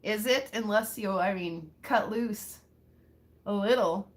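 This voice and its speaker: The Montana rockhound host takes her time in a mid-range voice while chatting casually with her audience. Laughter comes often, and so do the words "like" and "seriously."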